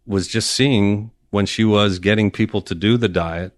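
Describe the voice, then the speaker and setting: A man who is an orthopedic surgeon, a guest on a podcast, speaking in a relaxed, easygoing way with plenty of fillers. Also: on the low side, normal speed, no echo, clean studio sound. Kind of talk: casual interview chat.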